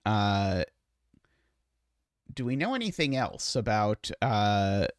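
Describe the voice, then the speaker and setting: A man streaming a puzzle solve, thinking aloud in a hesitant, muttering way with many filler pauses. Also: fairly low pitch, very animated, clear, resonant tone, no room sound, studio quality.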